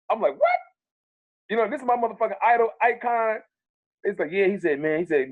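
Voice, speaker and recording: Animated man on a tinny line. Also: high voice, quick pace, long pauses. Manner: animated, profane storyteller acting out quotes. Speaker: comedian guest. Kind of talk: casual storytelling interview. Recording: tinny phone-like sound.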